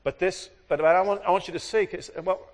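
A man's voice: high-pitched, fairly even intonation, fast talker. A man giving a sermon to a congregation, telling folksy stories and acting out the voices of the people in them. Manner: folksy storytelling, acts out quoted voices. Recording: long hall reverb.

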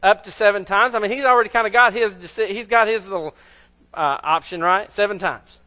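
A man preaching with a high-pitched, ringing voice. He keeps it conversational and keeps asking his listeners rhetorical questions. The sound carries a long reverb, as in a large hall. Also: brisk, sharp tone. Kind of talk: sermon.

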